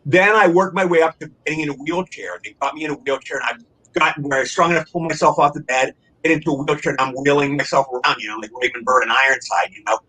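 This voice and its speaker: An older man talks quickly in a high-ish, bright and forceful voice. He rambles through a personal story, animated and full of restarts, as a guest in a casual interview. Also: husky, low-quality recording.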